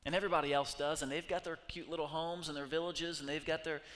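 A man preaching a sermon as pastor, animated and acting out the voices of the people he quotes. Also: a little high, fast. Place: church hall. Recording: echoey hall reverb.

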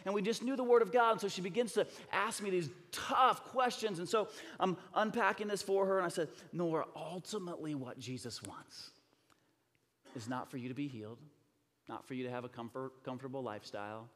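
Animated preacher man in a big echoing hall. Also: medium pitch, brisk. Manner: animated storyteller, acts out voices, swings from loud to whispers. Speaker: pastor. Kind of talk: sermon. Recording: long reverb of a large hall.

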